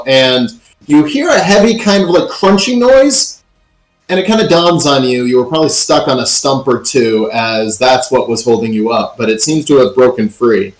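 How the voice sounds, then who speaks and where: A man running a tabletop game as dungeon master, narrating events in a relaxed storytelling way. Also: medium pitch, reverberant, low-quality recording.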